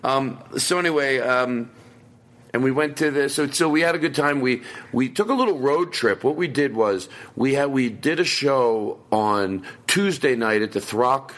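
A man in loose, meandering conversation, often restarting his sentences and breaking into laughter as he tells a story. He is speaking into a small voice recorder set on a table. His pitch sits in an ordinary middle range. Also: expressive, normal speed, a bit bright. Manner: rambling, restarts, laughs while telling stories. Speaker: podcast co-host. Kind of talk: casual chat. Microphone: handheld voice recorder on a table.

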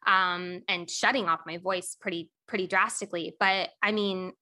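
Woman, young adult, bright tone, candid, halting speech, frequent fillers, interview guest. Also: on the low side, fairly even intonation. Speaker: podcast guest, coach. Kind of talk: personal storytelling in conversation.

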